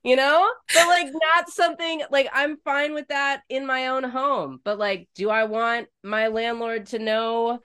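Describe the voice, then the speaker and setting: A woman's voice: high-pitched, steady tone, a little slow, few pauses, sharp tone, smooth. A woman co-hosting a podcast, telling a frank, crude story in casual chat, swearing freely. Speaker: podcast co-host.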